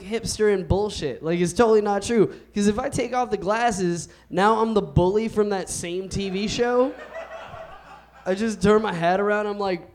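A young man with a notably high speaking voice works a comedy club stage, talking into a handheld mic. His delivery is loose and laid-back, stretching out the punchlines of a stand-up set. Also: darkish tone. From United States.

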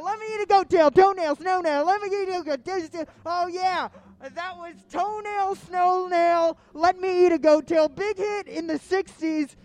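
A strange, very high and squeaky voice belongs to a goofy male stand-up comic. He rambles into nonsense and chants silly rhymes, full of absurd energy. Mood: silly chanting. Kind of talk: live comedy set.

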